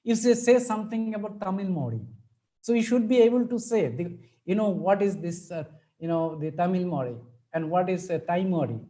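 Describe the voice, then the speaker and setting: A man with an Indian English accent delivers an online lecture to teachers. He works through each point methodically and pauses often to check that his audience is keeping up. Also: high-pitched, dark tone, low-quality recording. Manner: explanatory, checks in often with "all right?". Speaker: teacher trainer. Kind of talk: webinar lecture.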